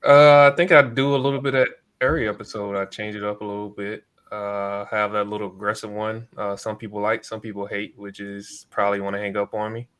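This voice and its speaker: A man co-hosting a casual podcast chat, speaking in a relaxed way with frequent hesitations; English is not his first language. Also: lowish voice, clear, resonant tone. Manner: relaxed, speaks slowly and evenly, many "uh" fillers. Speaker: co-host, real estate investor.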